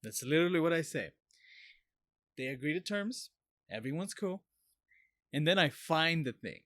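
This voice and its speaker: Male podcast co-host, slightly higher voice, casual and profane, dry close-mic sound. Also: moderate pace, dry recording. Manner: profane, animated storytelling. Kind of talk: casual chat.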